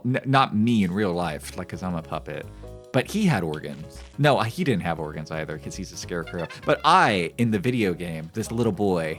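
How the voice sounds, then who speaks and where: A male streamer giving casual, joking commentary while playing a game, rambling and reading game text aloud. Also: deep voice. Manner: repeats phrases in shifting voices.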